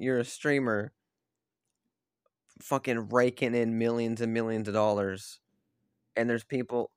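A man's voice: medium pitch, clean tone, dry recording, studio quality. A young man streaming a casual, rambling rant, swearing often and laughing between exasperated outbursts. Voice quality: swears a lot, quick laughs between rants. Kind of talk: casual ranting vlog.

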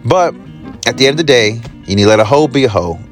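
A man's voice: medium pitch, expressive, quick pace, soft background music. A man hosting his own podcast, telling a work story in a casual, rambling way with lots of swearing and fillers. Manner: rambling, profane, with many fillers. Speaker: podcast host. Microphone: recording on the job, from a motel.

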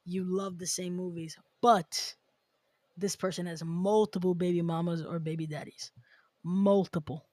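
A woman's voice: fairly low pitch, measured pace, no echo. Chatty podcast host woman, dry close mic. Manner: chatty, animated, laughs often. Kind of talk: casual podcast chat.

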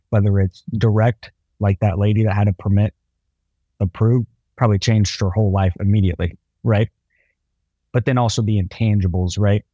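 A man's voice: on the low side, steady tone, normal speed, warm tone, husky, no echo, lo-fi sound. A man as podcast host, thinking aloud in casual conversation.

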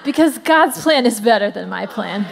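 A woman in her thirties, the lead pastor, giving a lively conversational sermon with frequent "come on" asides. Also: fairly high pitch, normal speed, gravelly.

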